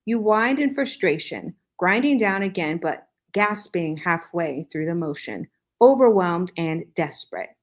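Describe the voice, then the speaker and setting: This podcast host reads fan fiction a little slowly in a fairly low voice with lively intonation. She keeps it dry but breaks off for joking asides and laughs, a comedic dramatic reading.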